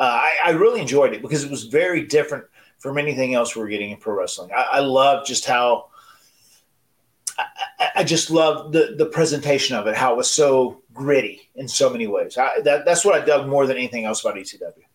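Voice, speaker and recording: A man in his forties telling a casual story on a podcast, animated and often repeating words as he restarts sentences. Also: medium pitch, fairly quick, rough recording. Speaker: wrestler and podcast co-host.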